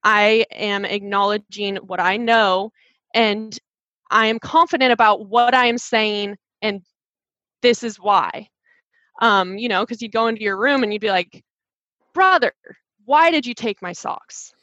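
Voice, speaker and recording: A woman guest talking fast and animatedly about sales calls, with many restarts. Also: mid-range voice, steady tone, pushed and bright, no room sound. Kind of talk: casual interview chat. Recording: dull dry sound.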